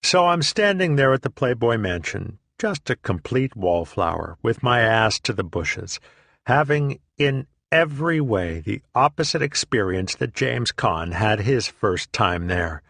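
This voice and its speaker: A man's voice: medium pitch, very animated, a little slow, creaky, a bit bright, no echo, clean studio sound. A man reading a first-person memoir aloud in a profane, sardonic, self-deprecating way. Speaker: audiobook reader.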